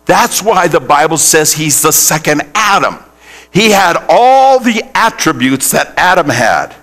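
A man preaches to a congregation in a bright, forceful voice, leaning into slow and deliberate phrasing. His pitch swoops widely as he calls out questions to people in the pews. A faint electrical hum sits under the church recording. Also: big pitch swings. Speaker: pastor. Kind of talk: sermon. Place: church sanctuary.

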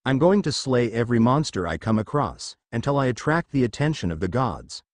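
Cocky young ninja guy read by a man, sarcastic and deadpan, lively pitch. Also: brisk, no echo, studio quality, close to an everyday voice. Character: young male ninja warrior, brash and cocky.

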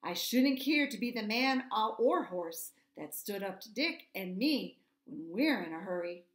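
A woman voicing a proud male cavalry troop horse who lectures in an earnest, brisk way. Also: mid-range voice, animated, echoey room, lightly acted. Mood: matter-of-fact.

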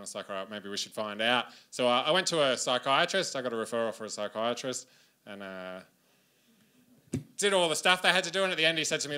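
A man's voice: medium pitch, lively intonation, a little fast, sharp tone, clear, resonant tone. An Australian man performing a crude, self-deprecating stand-up comedy set on a club stage, laughing along with his own jokes.

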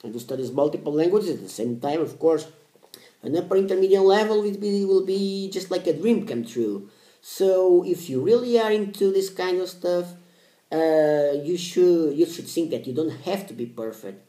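A man in his late twenties talks straight to camera as a language vlogger, blunt and repetitive, with casual swearing. His voice sits a little high for a man yet sounds mellow and warm. The recording has a noticeable echo from the room. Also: lively intonation, moderate pace. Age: 20s. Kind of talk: casual motivational talk to camera.

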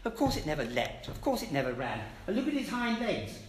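A man's voice: high voice, huge pitch swings, brisk, a little hiss or hum. A British man giving an emphatic, scornful public lecture to an audience in a hall. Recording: echoey hall with faint ambience.

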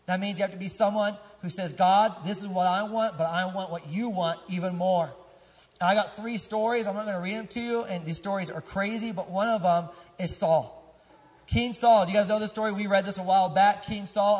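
High-voiced man preaching in a reverberant church. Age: 30s. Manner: conversational and lively, polling the congregation; jokes and corrects himself mid-sentence. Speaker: pastor. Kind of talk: sermon. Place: church sanctuary. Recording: long church hall reverb.

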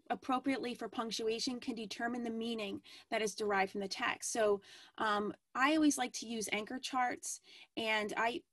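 A woman teacher presenting an educational webinar in a measured way, with frequent ums and restarts. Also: on the high side, dry recording.

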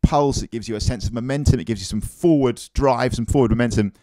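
A man's voice: medium pitch, quick pace, warm tone, no echo. A man giving a drum lesson, explaining technique and counting beats aloud. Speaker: drum teacher. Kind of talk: instructional demonstration.

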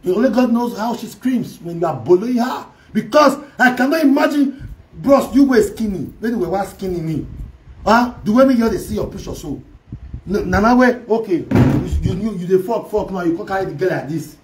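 A woman's voice: medium pitch, expressive, normal speed, a little mellow, slight background noise, rough recording. A woman with a Nigerian Pidgin English accent hosting a celebrity gossip vlog, teasing and mocking as she talks. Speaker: gossip show host.

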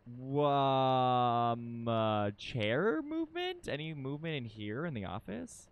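Thinking aloud as they play, a young adult streamer offers excitable, laid-back commentary, cursing openly and talking to the audience. Their medium-pitched voice moves slowly with few pauses. No echo is present.

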